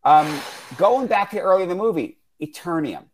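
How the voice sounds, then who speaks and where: A man's voice: sits high, animated, moderate pace. A man co-hosting a casual film review chat, rambling and repeating words as he starts his points. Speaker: podcast co-host.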